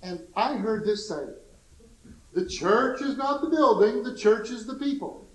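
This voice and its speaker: A man preaches a sermon with lively intonation at a slightly slow pace, swinging between soft, low asides and loud, emphatic exclamations. He uses folksy humor and chuckles at his own jokes, and the recording quality is low.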